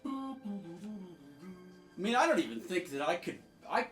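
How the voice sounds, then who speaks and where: Man, mocking commentary, lively swooping pitch, roomy echo, faint music behind. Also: unhurried. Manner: sarcastic, mocking, swinging loud to soft. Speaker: political commentator. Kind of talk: sarcastic commentary over clips.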